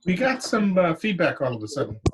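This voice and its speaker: A man co-hosting a casual podcast, relaxed and easygoing. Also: high voice, brisk. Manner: relaxed, laughs easily. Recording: noisy call line.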